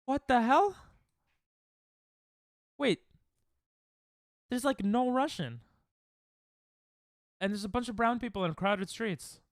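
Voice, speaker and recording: A young man streaming a game, chatting casually and reacting excitably to chat on a headset mic. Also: very high voice, slow, long pauses, no echo, clean studio sound. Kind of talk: casual live-stream chatter while gaming.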